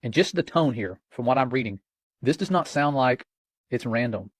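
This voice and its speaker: A man's voice: medium pitch, animated, moderate pace, dry recording. Man, religious commentary, earnest warning tone, dry close sound. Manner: earnest, warning, retells a conversation aloud.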